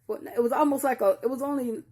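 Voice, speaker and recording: This older woman's voice sits high, with a steady, darkish tone, and she speaks fast. A grieving mother, she tells viewers her story directly, calling them "y'all," often restarting and repeating as she recalls what hurt.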